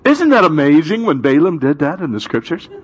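A male pastor giving an animated sermon to a congregation, with rhetorical questions and dramatic pauses. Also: on the high side.

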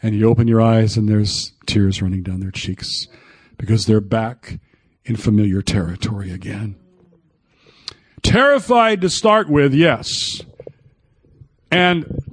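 An older male pastor delivering a folksy sermon at an unhurried pace. He talks emphatically and drifts into old hymns along the way. The sound is dry, with no room echo. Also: mid-range voice, husky.

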